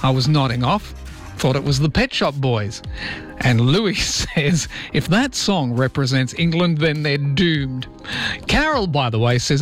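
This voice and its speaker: A man with an Australian accent hosting early-morning radio, chatting about listener texts and reading the papers. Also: mid-range voice. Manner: chatty, self-deprecating, reads listener texts. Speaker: radio host. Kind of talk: early-morning radio chat and news read.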